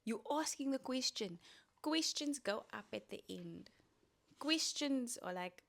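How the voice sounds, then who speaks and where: A woman's voice: a little high, lively intonation, slow pace, gravelly, fairly bright tone. A woman hosting a solo podcast, giving casual, coaching talk with playful asides. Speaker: podcast host.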